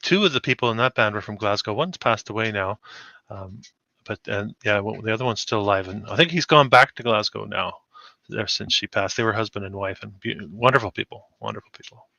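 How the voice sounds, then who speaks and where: Bright-voiced man on a dull line. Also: fairly low pitch, fairly quick, gravelly, dry recording. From Canada. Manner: chatty, laughs often. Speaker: podcast co-host. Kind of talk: casual chat.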